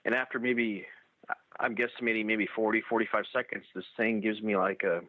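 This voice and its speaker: Man, somewhat low voice, halting eyewitness storyteller, tinny phone-like radio sound. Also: little pitch movement, no room sound. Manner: halting, many restarts and fillers. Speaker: eyewitness telling an encounter. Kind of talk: first-person storytelling.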